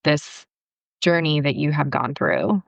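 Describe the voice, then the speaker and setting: A woman's voice: low-pitched, slow pace, vocal fry, dry recording. A woman cohosting a podcast interview, effusive, often stumbling through restarts. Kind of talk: conversational interview.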